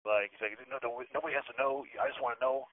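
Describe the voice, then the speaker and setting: A man's voice: medium pitch, fairly even intonation, quick pace, a crowd in the background. A man telling a long story in casual, rambling talk, swearing often and acting out what others said. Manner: rambling, swears a lot, acts out quotes. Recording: tinny phone-like audio.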